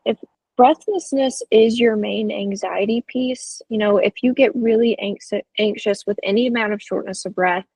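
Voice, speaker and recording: A woman's voice: mid-range voice, steady tone, normal speed, gravelly, a little mellow, husky, dry recording, poor audio. A woman co-hosting a health podcast, talking casually and encouragingly with frequent fillers. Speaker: podcast co-host.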